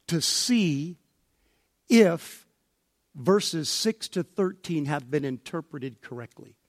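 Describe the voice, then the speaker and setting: A male pastor preaching a sermon, building to emphatic near-shouts when he voices objections. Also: on the high side, no echo, studio quality.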